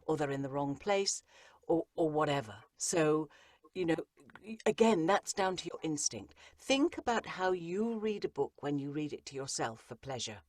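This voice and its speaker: An audiobook narrator and coach talks about her craft in an interview conversation, hammering home points by repeating phrases for effect. She speaks low and expressively at normal speed, with no room sound and studio quality.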